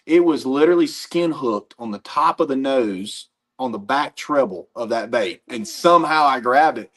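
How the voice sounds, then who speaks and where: Young man telling an excited fishing story. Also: medium pitch, moderate pace. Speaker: pro angler guest. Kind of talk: casual chat.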